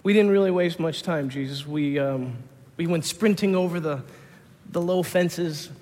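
A man's voice: fairly high pitch, a little mellow, natural voice. A man voicing an earnest middle-aged former shepherd. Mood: awed. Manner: halting, heartfelt storytelling. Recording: long hall reverb.

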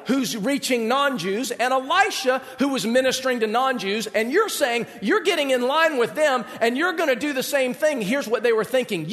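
Guy preaching a sermon, high voice, acts out the voices in the story, big echoey hall. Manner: animated, acts out quoted voices with big pitch swings. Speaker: pastor.

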